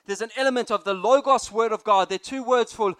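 A young adult man preaching a sermon with energy and humor, rising to loud emphasis on key points and chatting with the congregation. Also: extremely high pitch, quick pace, clean tone, dry recording.

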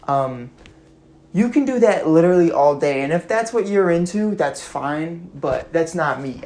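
A man's voice: a little high, darkish tone. A young man around twenty hosting his own sports podcast, rambling and ranting with many fillers and restarts. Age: about 20. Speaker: podcast host. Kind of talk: solo sports podcast commentary.

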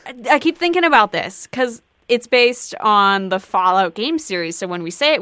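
A woman on a gaming podcast panel, chatting animatedly in quick bursts and laughing often. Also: medium pitch, expressive, fairly bright tone, dry recording. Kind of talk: casual chat.

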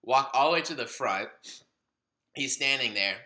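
A man's voice: mid-range voice, normal speed. A young man co-hosting a casual podcast, telling a story with lots of swearing and acted-out quotes. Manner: animated, swearing, acts out quoted dialogue. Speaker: podcast co-host.

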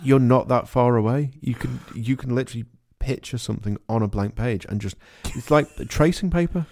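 A man's voice: medium pitch, a little fast, vocal fry, no room sound, studio quality. A man with a Manx accent, co-hosting a casual comedy chat, sweary and laughing as he tells stories. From Isle of Man. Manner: sweary, laughing, animated storytelling. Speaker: podcast co-host.

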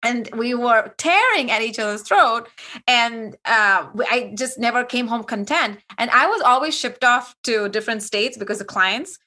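Young adult woman from Kuwait, interview guest; high and bright, animated storyteller. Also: moderate pace. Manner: animated, acts out quoted dialogue. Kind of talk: candid personal storytelling.

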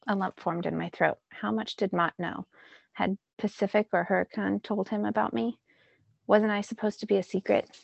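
Gravelly woman reading a story aloud. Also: medium pitch, normal speed, dry recording, highs cut off. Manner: steady storytelling narration. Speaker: teacher reading a novel aloud. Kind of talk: reading aloud a children's novel.

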